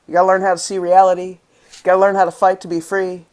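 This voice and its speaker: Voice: medium pitch, level tone, fast talker, darkish tone. A poet reading spoken word verse aloud, rhythmic and impassioned, rising to angry emphasis. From the United States. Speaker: guest poet.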